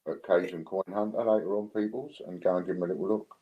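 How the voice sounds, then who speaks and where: A British man hosting a casual live stream, relaxed as he counts down bids. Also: deep voice, fast, narrow, tinny audio. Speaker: live stream host running coin auctions.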